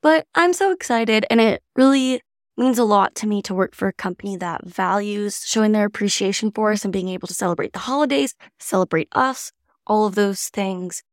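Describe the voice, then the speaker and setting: A woman's voice: medium pitch, fairly quick, no echo, studio quality. Bubbly young woman co-hosting a podcast. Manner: bubbly and enthusiastic. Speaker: podcast co-host. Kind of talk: casual podcast chat.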